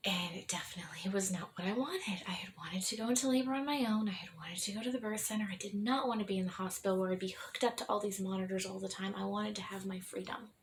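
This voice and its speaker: A young adult woman telling her own story in a candid, rambling way, often restarting her sentences and laughing softly. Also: mid-range voice, fairly even intonation, quick pace, few pauses, a little hiss or hum.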